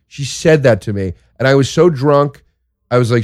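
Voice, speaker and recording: A male comedian hosting his own show and riffing through a crude, joking story. His voice sits at an ordinary middle pitch, and the recording is close and dry with almost no room sound. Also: moderate pace, no echo. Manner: crude, joking, swings into excited exaggeration. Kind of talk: casual storytelling monologue.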